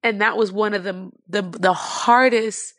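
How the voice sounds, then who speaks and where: A woman guest telling an emotional personal story, impassioned and near tears, with many fillers and halting restarts. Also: medium pitch, steady tone, fairly bright tone, no room sound.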